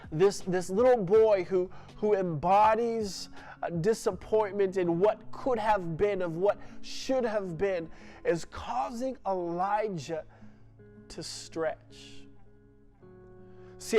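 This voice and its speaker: A man preaching a sermon with an emphatic delivery, his voice sitting a little high. He circles back on his words with repeated restarts. Soft music plays underneath. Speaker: pastor.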